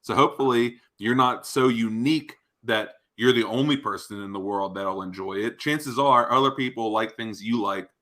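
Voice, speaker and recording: A man's voice: medium pitch, normal speed, hardly any pauses, pushed and bright. A man appearing as a podcast guest in casual chat, thoughtfully laying out his point of view.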